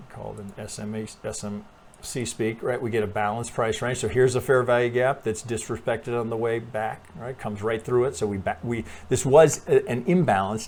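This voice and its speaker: A man's voice: medium pitch, creaky, darkish tone. Brief: male trading channel host, casual rambling chart talk, swears freely, keeps asking "right?", faint noise behind. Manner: rambling, profane, self-correcting, talks to viewers with frequent "right?". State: coughing, allergies. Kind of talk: casual chart analysis monologue.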